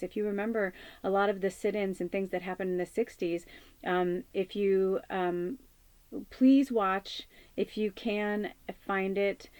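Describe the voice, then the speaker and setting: A woman in her forties, a spiritual medium, hosts her own channel's talk show and chats casually about spiritual matters. She's earnest and rambling, full of fillers and restarts. Her voice is mid-range with a darkish tone, and the recording is dry.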